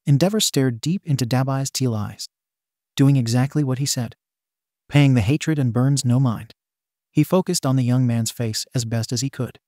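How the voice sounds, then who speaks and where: A man narrating a fan fiction story in a steady storytelling manner. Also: mid-range voice, normal speed, dry recording, clean studio sound.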